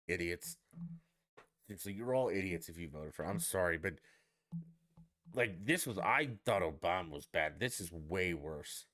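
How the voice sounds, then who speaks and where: A man's voice: deep voice, moderate pace, fairly bright tone. A man hosting his own stream, ranting with profanity and sarcasm in casual solo commentary. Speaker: podcast host.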